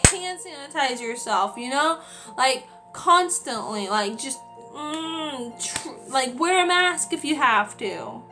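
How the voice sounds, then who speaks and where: A woman's voice: high voice, expressive, slow pace, sharp tone, soft background music. A woman in her twenties, a retail worker, telling a storytime vlog in a chatty, exasperated way with lots of "like.". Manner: chatty, exasperated, many "like" fillers.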